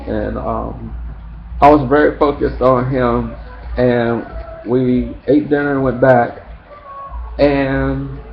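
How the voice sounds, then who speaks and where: A man telling a personal story in a casual, rambling way, acting out friends' lines in shrill high voices. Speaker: vlogger. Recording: dull lo-fi sound with faint background noise.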